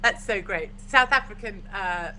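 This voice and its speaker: Forthright English woman, bright tone. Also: mid-range voice, slight background noise, low-quality recording. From United Kingdom. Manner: forthright, brisk and opinionated. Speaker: guest. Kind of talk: casual video-call chat.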